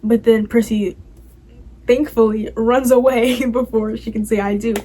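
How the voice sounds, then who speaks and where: Young woman vlogger, mellow and slightly high voice, loose rambling recap style. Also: steady tone, measured pace, husky, rough recording. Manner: rambling, full of "like" and "you know". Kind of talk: casual chatty recap.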